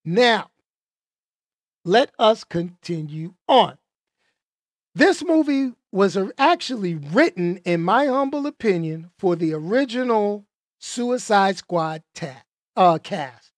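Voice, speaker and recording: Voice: medium pitch, lively intonation, slow pace, no room sound, clean studio sound. A movie reviewer talking casually and emphatically, tossing out rhetorical questions and repeating points for effect.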